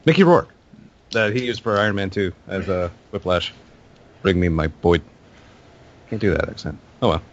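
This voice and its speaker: A man's voice: fairly low pitch, very animated, a little fast, muffled recording. A man co-hosting a podcast, chatting in a laid-back, joking way with slangy asides. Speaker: podcast co-host. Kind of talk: casual chat about a video game.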